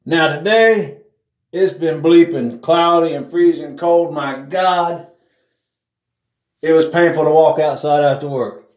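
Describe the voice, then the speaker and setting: A man's voice: mid-range voice, a little mellow, distant mic. A man, talking casually to camera in a profane, joking vlog, whooping as he goes. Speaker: vlogger. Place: outdoor shower. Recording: echoey, from off the mic, with running water.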